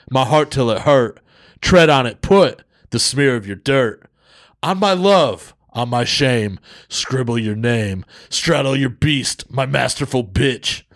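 A man putting on the voice of a brash, loud stand-up comedian, reciting a poem with punchy comic delivery. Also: mid-range voice, expressive, slow pace. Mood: bawdy bombast. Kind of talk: comic poetry reading.

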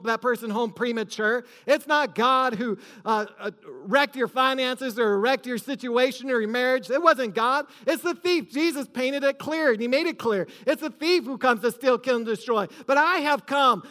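A man's voice: very high-pitched, bright, forceful tone. A man preaching a sermon to his church with rising emphasis, recorded in a large hall. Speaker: pastor.

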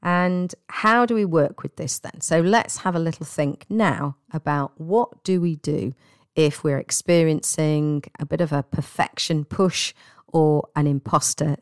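A woman giving a guided self-help talk as a wellbeing coach, speaking in a gentle, encouraging and reassuring way. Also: deep voice, measured pace, no room sound, studio quality.

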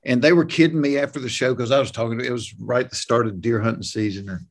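A man's voice: mid-range voice, quick pace. A man from Georgia with a Southern US accent, a comedian guest telling stories in a plainspoken, folksy way during a casual interview. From Georgia, USA. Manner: folksy, plainspoken, animated anecdotes.

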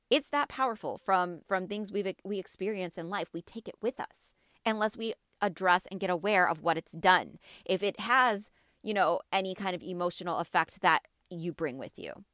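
A young adult woman hosting a wellness podcast, talking casually to mothers in a gentle, reassuring way, with many fillers and asides. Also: medium pitch, dry recording, clean studio sound. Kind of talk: casual solo podcast talk.

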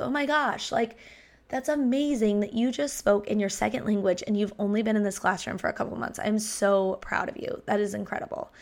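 A woman in her thirties, a teacher hosting a podcast, talking in a chatty, animated way and acting out quotes. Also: a little high. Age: 30s. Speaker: podcast host and language teacher. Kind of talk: casual podcast monologue.

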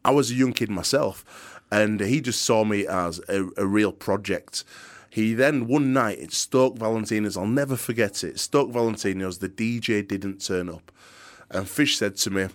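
A man, a DJ guest in an interview, telling a story with frequent restarts. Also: on the low side. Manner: halting restarts, relaxed anecdotal telling.

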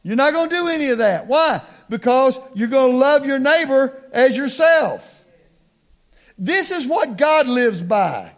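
A middle-aged man preaching a sermon, calling on the congregation to respond, slowing down to stress key words and dropping into quiet asides. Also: very high voice, sing-song. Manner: call-and-response preaching, slows for emphasis, drops to hushed asides.

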